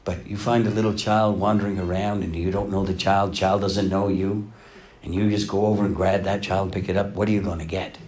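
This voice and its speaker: A middle-aged pastor preaching a sermon, dropping to hushed lines and then swelling to loud, emphatic passages. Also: male voice, low-pitched, level tone, fairly quick, slight background noise.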